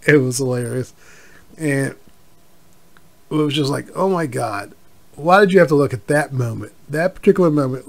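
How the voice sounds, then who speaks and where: Man, middle-aged, slightly high voice, rambling podcast chat, lots of fillers. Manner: rambling, with many fillers and asides. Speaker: podcast host. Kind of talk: casual solo podcast monologue.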